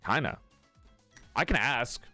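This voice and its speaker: A man's voice: medium pitch, lively intonation, slow, sharp tone, no room sound, faint music behind. A male live streamer in casual chat who laughs, swears, greets his viewers and keeps repeating one line to practice an accent.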